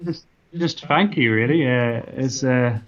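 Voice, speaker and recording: Hesitant Englishman on muffled video call. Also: medium pitch. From England. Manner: hesitant, halting, laughs shyly. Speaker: guest musician. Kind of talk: casual video-call chat.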